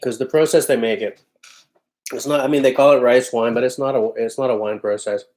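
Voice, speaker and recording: A man's voice: medium pitch, steady tone, brisk, a little mellow. A man hosting a livestream from home, casually chatting and reading out viewer comments in a loose, offhand way. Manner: loose, chatty and offhand, often breaking into laughter. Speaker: livestream host.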